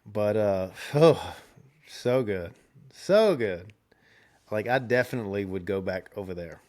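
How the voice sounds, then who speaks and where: A man's voice: fairly low pitch, expressive, a little slow, darkish tone. A young man, telling rambling stories in a casual podcast chat and laughing often. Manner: rambling, laid-back, laughs often, restarts. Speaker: podcast host.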